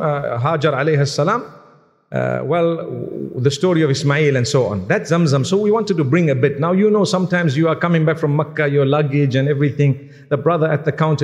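A man's voice: a little high, darkish tone. A man preaching a sermon, earnest and exhorting, telling stories with quoted dialogue. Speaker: Islamic preacher. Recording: long hall reverb.

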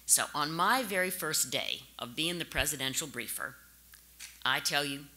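American woman, 50s, conference speaker; anecdotal and conversational, crisp bright timbre. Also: rumbling low. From St. Louis, USA. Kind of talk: conference speech.

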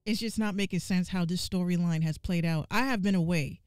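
A woman giving casual gaming commentary, ranting in an animated, profane and exasperated way and repeating lines for emphasis. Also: fairly low pitch, fairly quick, clear, resonant tone, no room sound, clean studio sound, faint music behind.

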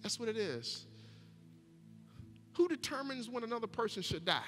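Pastor con voz aguda y brillante, en una iglesia con eco. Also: male voice, very high-pitched, big pitch swings, moderate pace, a bit bright. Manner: folksy, emphatic preaching with many repeated words. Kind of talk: sermon. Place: church sanctuary. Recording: long church reverb with faint music.

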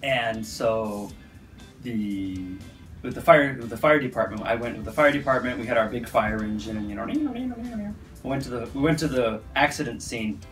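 Animated American man telling stories. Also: medium pitch, moderate pace, faint music behind. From United States. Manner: animated, acts out sounds and voices in his stories. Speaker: university English teacher. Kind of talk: casual storytelling.

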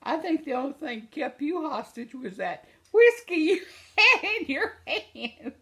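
A teasing old man ribbing a friend over coffee, his voice jumping high and loud with mock amazement, as an older woman puts him on. The jokes come out in a squeaky, mocking tone. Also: sing-song, a little slow, heavily acted.

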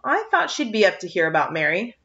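A stern, practical older farm woman, read by a woman in a storybook, brisk and matter-of-fact, at a middling pitch. The sound is muffled and lo-fi. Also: very animated, sharp tone. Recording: dull lo-fi recording.

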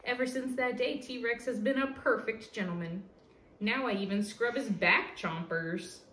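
A woman reading a picture book aloud to a child in a lively, expressive way, at home. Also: fairly high pitch, unhurried, slight background noise. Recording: roomy echo with faint ambience.

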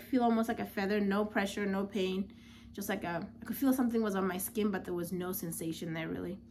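A woman's voice: mid-range voice, slight background noise. Chatty young woman telling her story. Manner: chatty, many filler words. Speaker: new mother. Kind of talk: casual personal storytelling.

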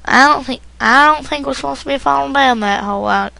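A woman's voice: high voice, fairly quick, gravelly, sharp tone, dry recording, low-quality recording. Foul-mouthed woman rambling over a game. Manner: crude, swearing, rambling and goofy. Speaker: gamer. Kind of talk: casual let's play commentary.

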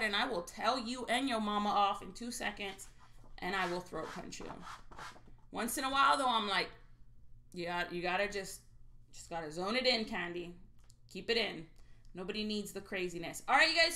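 Bright, chatty woman live-streamer. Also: on the high side. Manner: blunt and salty, swears freely; chatty storyteller. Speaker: livestream host scratching lottery tickets. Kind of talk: casual live-stream chat, reading viewer names.

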